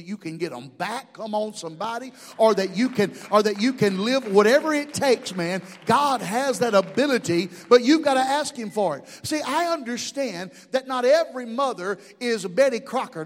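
A middle-aged man pastor preaching a sermon in a church, impassioned, with call-and-response asides. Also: high voice. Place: church sanctuary. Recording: long hall reverb.

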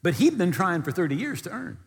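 A man preaching a storytelling sermon, animated and at times near-shouting. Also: sits high, fairly quick, gravelly, breathy edge, long reverb tail.

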